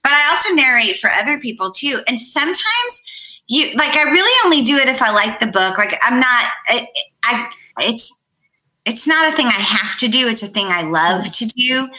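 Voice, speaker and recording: Lively bright-voiced woman author. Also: a little high, moderate pace, reverberant, rough recording. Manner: animated, laughing storyteller. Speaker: guest author. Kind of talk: casual chat.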